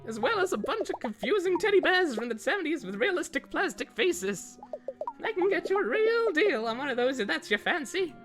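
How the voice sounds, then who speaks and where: A woman's voice: sits high, pitched above the performer's own voice. A woman voicing a grandmotherly old shopkeeper who runs an antique store and talks in folksy, sassy patter full of pet names.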